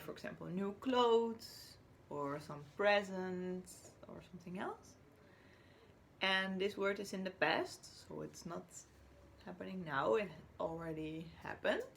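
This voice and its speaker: Slow, gravelly woman teacher. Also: lowish voice, slight background noise. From Chile. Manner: patient, drawn-out words, whispers or acts out words as examples. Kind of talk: slow, clear teaching to young children.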